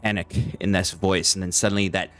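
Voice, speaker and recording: A male game master with a very low voice narrates a tabletop game, describing the scene at an unhurried pace and pausing on fillers as he goes. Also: level tone, a bit bright, faint music behind.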